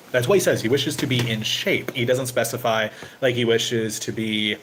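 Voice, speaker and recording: A man's voice: medium pitch, moderate pace, a bit bright, slight background noise, rough recording. A man hosting his own channel, chatting casually with viewers in a rambling way and leaning on "you know" fillers, livening up as he retells stories. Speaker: channel host. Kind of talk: casual livestream chat.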